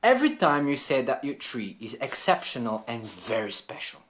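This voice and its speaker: A man's voice: mid-range voice, big pitch swings, moderate pace, a bit bright, slight background noise. Nasal man teasing the host. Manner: teasing, interrupting.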